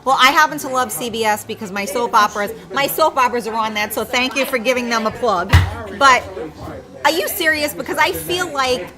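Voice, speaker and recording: A woman's voice: fairly high pitch, animated, fairly quick, over music. A woman with a Bronx accent hosting a brash, bantering on-location chat, talking over the others in a busy bar. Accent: Bronx New York. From the Bronx, New York. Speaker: host. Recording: noisy crowd around the mic.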